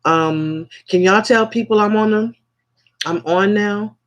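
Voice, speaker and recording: A man with a high voice hosts a spiritual livestream from his phone. He talks at an unhurried pace, repeating affirmations again and again. He greets his viewers with open affection. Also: fairly bright tone. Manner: slow, repetitive chanting of affirmations, affectionate toward viewers. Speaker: livestream host.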